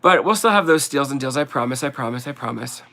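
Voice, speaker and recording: A man's voice: medium pitch, lively intonation, fast, gravelly, a bit bright. A man with a New Jersey accent hosting a casual livestream, rambling and chatty and laughing often as he sells collectibles. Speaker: livestream host selling collectibles.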